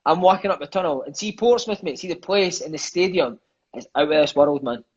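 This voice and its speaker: High-voiced Scottish man telling stories. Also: lively intonation, brisk, breathy edge, muffled recording. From Scotland. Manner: swears casually, fills speech with "mate" and "aye". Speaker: podcast guest, former footballer. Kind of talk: casual storytelling chat.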